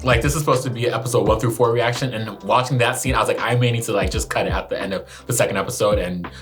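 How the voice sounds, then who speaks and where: Animated man reacting to a TV show. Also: fairly low pitch, fast talker, soft background music. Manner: animated, emotional, talks back to the screen. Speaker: YouTube reaction host. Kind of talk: casual reaction commentary.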